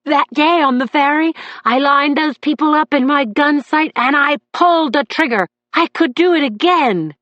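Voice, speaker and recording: A man's voice: very high-pitched, animated, slow pace, no room sound, highs cut off, pitched above the performer's own voice, exaggerated voice. A woman voicing a distraught defendant in his thirties, a man whose voice warbles with emotion as he testifies. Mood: agitated. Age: 30s.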